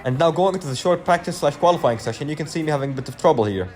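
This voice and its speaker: A man narrates his sim race in a quick, explanatory voice-over. His voice sits slightly high. Background music plays under him. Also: animated, darkish tone. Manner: explanatory, matter-of-fact. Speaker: sim racing channel host.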